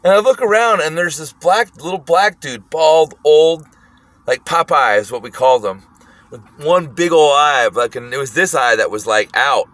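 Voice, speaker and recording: A man casually telling a wild story, animated and profane, often breaking into laughter. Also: on the high side, normal speed, no echo.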